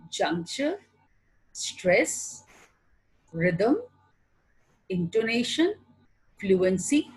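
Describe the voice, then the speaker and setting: In a low-quality recording, a teacher with an Indian English accent gives an online lecture in a husky, breathy voice. She talks slowly and deliberately, her pitch lively as she asks questions and answers them herself.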